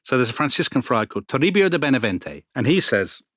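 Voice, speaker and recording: Lively man telling history. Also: medium pitch, fast, no echo, studio quality. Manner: animated storytelling, laughs often. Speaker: podcast co-host. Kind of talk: conversational history chat.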